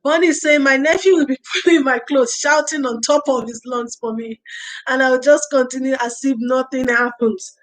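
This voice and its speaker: A woman hosts a casual livestream about early years parenting. Her voice sits high. She reads out viewer comments, thanks people by name, and gives earnest advice in which she repeats her key phrases. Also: steady tone, normal speed, rough recording. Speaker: livestream host.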